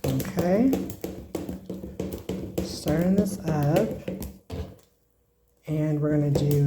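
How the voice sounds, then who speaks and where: A young woman chatting casually to viewers while cooking and tasting food in her home kitchen, excitable and informal. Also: low-pitched, echoey room, background noise.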